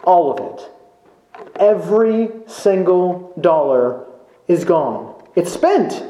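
A man preaching a sermon in a church, slow and emphatic, with many rhetorical questions. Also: high-pitched, expressive, mellow, reverberant, rough recording. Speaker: pastor. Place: church sanctuary.

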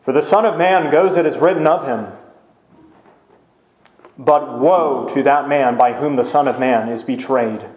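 A man reading aloud the lines of a solemn male teacher, slow and weighty, in a lower voice. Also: darkish tone, natural voice. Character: solemn grave male teacher foretelling betrayal. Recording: roomy echo.

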